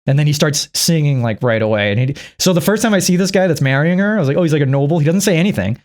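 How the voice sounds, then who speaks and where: A young man with a slightly high voice ranting casually about a movie. He rambles and swears freely, and he keeps breaking into jokey impressions. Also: animated, quick pace, darkish tone. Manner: rambling, profane, jumps into mock impressions. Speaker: youtuber reviewing a film. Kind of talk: casual comedic movie rant.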